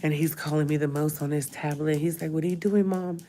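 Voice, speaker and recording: A woman's voice: low voice, steady tone, a little fast, dark tone, slight background noise. A woman, crying as she talks openly in a personal vlog from a hospital room. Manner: tearful, talks through crying. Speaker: vlogger.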